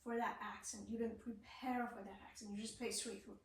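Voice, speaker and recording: A woman's voice: on the high side, steady tone, fairly quick. A woman teaching a one-on-one piano lesson, patiently asking her student questions and checking they follow. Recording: roomy, from a distance. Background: piano playing.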